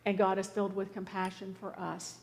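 A woman's voice: mid-range voice, completely flat delivery, a little fast. A woman preaching a sermon, telling a story in an earnest, pleading way. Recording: reverberant church hall.

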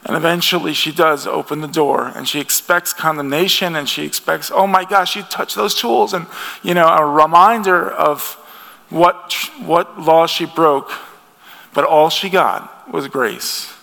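Gravelly, bright-voiced man preaching in a hall. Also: a little high, fairly even intonation, unhurried. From United States. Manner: earnest, conversational preaching with restarts. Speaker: pastor. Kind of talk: sermon. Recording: long hall reverb.

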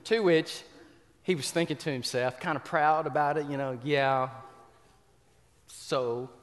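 Preacher telling a story. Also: male voice, fairly high pitch, moderate pace. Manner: storytelling, repeats words, asks the congregation questions. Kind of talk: sermon. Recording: reverberant hall.

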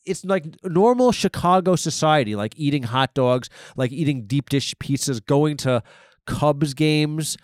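This comedy podcast host sounds a little high and animated as he stumbles through an improvised monologue full of fillers, restarts, and swearing, rambling and profane throughout. It's recorded at studio quality with no echo.

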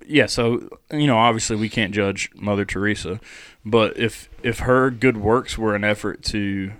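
A young man with a fairly low voice talks through church teaching in a loose, chatty way. He laughs easily and trips over his own restarts. The sound is dry and close. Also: moderate pace, fairly bright tone, dry recording. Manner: laughs often, explains doctrine with restarts. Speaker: podcast co-host. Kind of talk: casual chat.

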